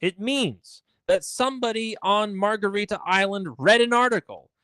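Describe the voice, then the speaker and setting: A man's voice: high voice, moderate pace, a bit bright, smooth, no echo. A man hosting a political commentary live stream, ranting in a sarcastic, indignant way.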